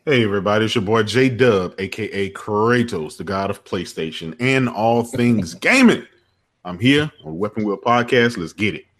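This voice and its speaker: A man's voice: lowish voice, expressive, normal speed, a bit bright. A man on a gaming podcast, hyped and emphatic, chatting casually. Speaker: podcast co-host.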